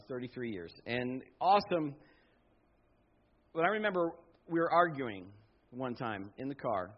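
A middle-aged man pastor preaching a sermon, telling personal stories with animated asides and quoted voices. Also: medium pitch. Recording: dull lo-fi sound.

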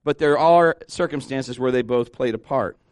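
A male pastor preaching a conversational sermon, asking the congregation questions and jumping into high excited voices when he acts out quotes. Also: normal speed, no echo, clean studio sound. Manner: animated, swings into high-pitched voices when acting out quotes.

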